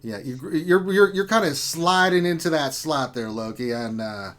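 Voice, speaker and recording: A man's voice: a little high, normal speed, fairly bright tone. A man hosting a casual live stream, teasing his co-hosts with folksy jokes. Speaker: host.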